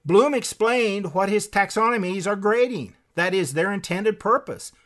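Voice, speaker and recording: Fiery preaching man, fairly high voice. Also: moderate pace. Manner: emphatic, with sharp swings in pitch and loudness; reads quotes aloud from a book. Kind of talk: impassioned sermon-style lecture.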